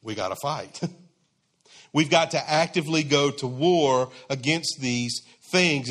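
A man's voice: on the high side, a bit bright. A man preaching a sermon in a conversational, emphatic, folksy way.

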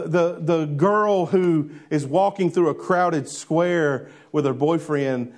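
A man preaching a sermon to a church congregation, animated and questioning, drawing responses from the crowd. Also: a little high. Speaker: pastor. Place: church before a live congregation.

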